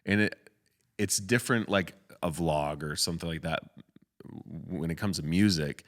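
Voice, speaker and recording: A man co-hosting a podcast in casual, relaxed conversation, full of likes and you-know-what-I-means. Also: sits low, moderate pace. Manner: relaxed, filler-heavy conversational talk. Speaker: podcast co-host.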